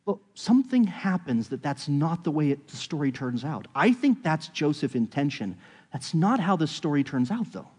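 A man preaching a sermon in a relaxed, conversational way, retelling a story with quoted dialogue. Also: a little high, normal speed, slightly rough. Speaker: pastor. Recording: long reverb of a large hall.

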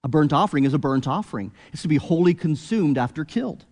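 A man preaching an expository sermon, earnest, rising to emphatic peaks and then dropping low and quiet. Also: expressive, quick pace, long reverb tail.

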